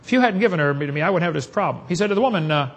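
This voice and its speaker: A man's voice: on the high side, animated, racing, husky. A man giving a preaching seminar talk in a folksy, emphatic way, chuckling at his own jokes. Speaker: creationist speaker.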